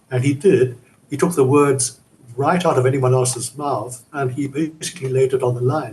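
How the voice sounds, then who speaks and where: A male academic guest analysing events in a news interview, speaking in a measured, emphatic, explanatory way. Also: medium pitch, darkish tone, slight background noise, low-quality recording.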